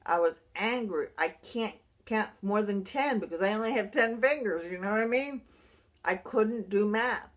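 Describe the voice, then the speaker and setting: Earnest woman talking with halting restarts. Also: medium pitch. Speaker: brain injury survivor sharing recovery advice. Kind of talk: personal vlog monologue.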